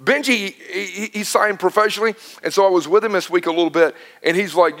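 A middle-aged man preaching a sermon as pastor, telling stories with lively quoted dialogue. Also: sits high, fast talker, hardly any pauses. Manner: animated storytelling with quoted dialogue.

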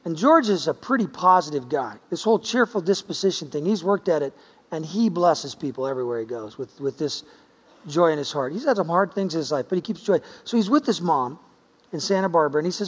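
The sermon here is a chatty, playful story from a pastor, complete with quoted lines of dialogue, delivered in a church sanctuary with long hall reverb. He talks fast and animatedly in a fairly high, slightly rough voice.

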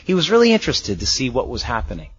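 A man's voice: mid-range voice, wildly swooping pitch, quick pace, a bit bright, husky, soft background music. A man preaching in a conversational way, teaching through a Bible passage verse by verse and acting out the people in the story. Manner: conversational, acts out quoted voices, chuckles often. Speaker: pastor. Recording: muffled lo-fi sermon recording.

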